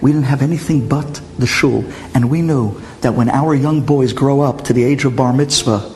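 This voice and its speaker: Guy doing a solemn old uncle, grave and slow, echoey hall. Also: mid-range voice, darkish tone, faint music behind, close to an everyday voice. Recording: long hall reverb.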